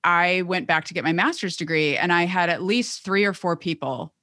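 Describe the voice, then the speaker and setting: A woman's voice: lowish voice, moderate pace, fairly bright tone, dry recording, clean studio sound. A woman in her thirties, an occupational therapist guest, talking chattily and rambling with lots of filler words. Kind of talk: conversational interview.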